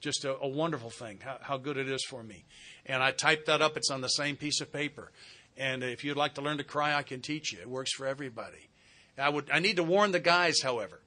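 Middle-aged man, bright and forceful voice, heartfelt plain-spoken sharing at a retreat, dry humor. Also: on the high side. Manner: earnest, heartfelt and confiding. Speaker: recovery retreat speaker. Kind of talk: personal sharing talk. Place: retreat center meeting hall.

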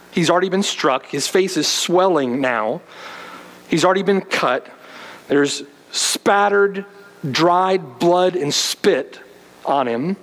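A man's voice: sits high, a bit bright, big-room sound, poor audio. Earnest man preaching a sermon. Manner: earnest, vivid storytelling. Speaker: pastor.

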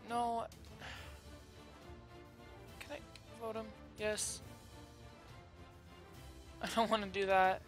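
A YouTuber giving chatty, rambling commentary over a pirate game, with sudden loud excited outbursts. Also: medium pitch. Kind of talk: gameplay commentary.

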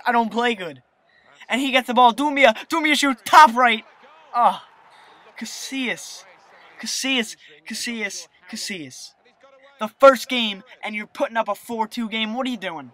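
A young gamer giving excitable gameplay commentary over a football video game, swinging between hype and annoyed rants. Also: medium pitch, dry recording. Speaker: gaming video host.

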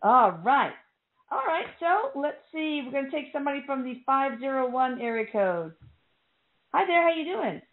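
A woman hosts a live call-in radio show with a chatty, friendly patter as she brings callers on. Her voice sits a little high and comes through a narrow, phone-like band. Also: sing-song, normal speed. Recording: phone-like line.

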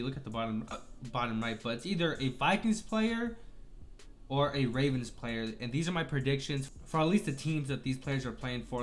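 A man with a slightly high voice gives casual video game commentary for his channel. He talks in a chatty, upbeat way and apologizes for small slips, fighting off the hiccups. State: has the hiccups. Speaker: gaming channel host.

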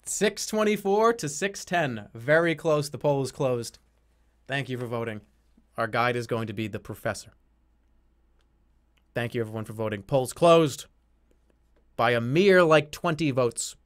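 A man's voice: medium pitch, unhurried, pauses often. A man streaming a game, chatting casually, laughing and swearing often. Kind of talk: casual gameplay commentary. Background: loud game music.

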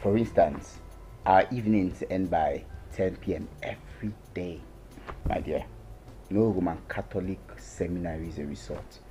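An actor with a Nigerian accent playing an earnest young seminarian who calmly explains and gives advice. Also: male voice, deep voice, normal speed, faint music behind, close to an everyday voice. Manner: calm, explaining, gently lecturing. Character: earnest young male seminarian, patient and advising.

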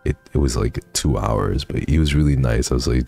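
A man's voice: rumbling low, brisk, creaky, few pauses, dark tone, breathy edge, soft background music. A man streaming from home, chatting casually and thanking viewers, sleepy and swearing freely. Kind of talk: casual chat reading donations.

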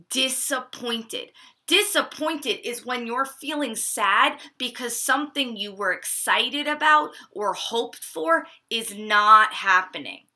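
A woman reading a picture book to children at home, pausing to ask them questions about feelings. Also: on the high side. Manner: asks children questions, expressive. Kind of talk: children's story time read-aloud. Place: living room at home.

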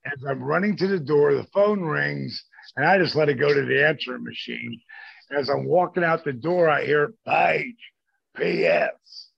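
A gravelly, husky older man spins profane, animated stories as an interview guest and acts out everyone he quotes. His voice is dry and a bit dull. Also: fairly high pitch, moderate pace, dry recording. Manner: profane, animated storyteller acting out quoted friends. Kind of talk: casual storytelling.

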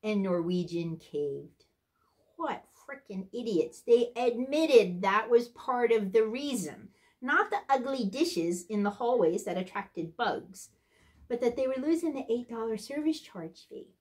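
A woman doing a sarcastic, blunt cruise guest-services worker in a comedy sketch monologue. She rants with exasperated asides, her voice pitched a bit high and swinging lively up and down. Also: unhurried.

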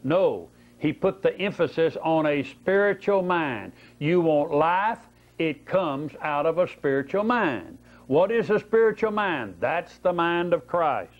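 A man's voice: a little high, big pitch swings, unhurried. A man preaching a Bible-study sermon, telling folksy stories and asking rhetorical questions. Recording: dull lo-fi tape recording.

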